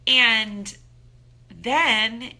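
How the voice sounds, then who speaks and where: A woman in her thirties, working as a wellness coach, delivers an upbeat and animated motivational talk while acting out her own thoughts. Her voice sits on the high side, and she speaks very slowly.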